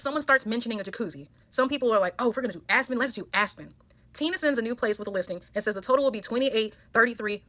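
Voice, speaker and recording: Fast-talking woman making her case. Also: fairly high pitch, pushed and bright. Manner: emphatic and defensive, walking through evidence point by point. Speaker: content creator telling her side of a story. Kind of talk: storytime vlog reading out screenshots.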